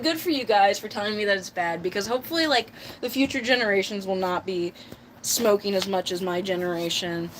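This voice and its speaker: Chatty American woman streaming outdoors on a noisy phone. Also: mid-range voice. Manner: chatty, laughs often, baby-talks to her cats. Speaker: live streamer. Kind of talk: casual live-stream chat. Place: outdoor cat enclosure.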